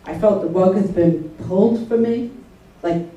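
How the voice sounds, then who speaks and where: A woman's voice: medium pitch, normal speed, warm tone, highs cut off. A woman telling a personal story to an audience in a conversational way, often checking in with her listeners. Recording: echoey room from far off, faint noise.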